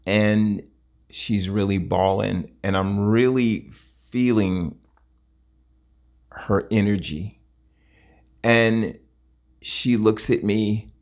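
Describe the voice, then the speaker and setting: Guy telling a story off the cuff, real slow, lots of pauses, kinda low voice. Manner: slow, halting delivery broken into short phrases. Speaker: vlogger. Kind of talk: casual personal storytelling.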